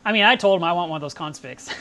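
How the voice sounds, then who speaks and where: A woman's voice: lowish voice, quick pace, a bit bright. A woman hosting a live stream, chatting casually and telling stories with enthusiasm.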